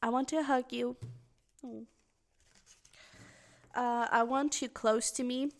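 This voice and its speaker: A woman with a fairly high voice reads tarot cards for her viewers. She thinks out loud and sounds emotionally invested as she speaks directly to the listener. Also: steady tone, takes it slowly. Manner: chatty, thinks aloud while reading the cards. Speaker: tarot reader. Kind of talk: pick-a-card tarot reading to viewers.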